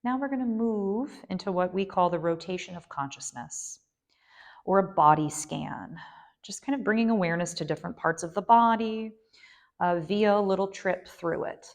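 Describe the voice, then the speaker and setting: A woman guiding a yoga nidra meditation in a gentle, unhurried way, with soft asides and frequent fillers. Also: medium pitch. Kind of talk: guided meditation instruction.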